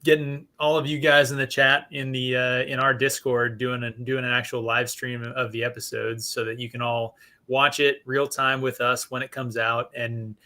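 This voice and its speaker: A man hosts a casual streamed panel chat with a bright, forceful voice. He rambles a bit and repeats himself as he reads out viewer messages. His pitch sits in an ordinary middle range. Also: flat delivery, moderate pace. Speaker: livestream host.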